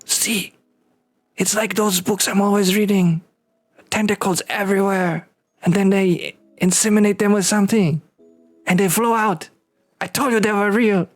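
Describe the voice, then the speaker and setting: A smarmy, lecherous French doctor who croons his apologies in a drawn-out, theatrical way, as a man puts him on. The voice sits a little high. It is a tabletop game figure. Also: close to an everyday voice. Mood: excited. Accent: put-on French. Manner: smarmy, drawn-out romantic delivery.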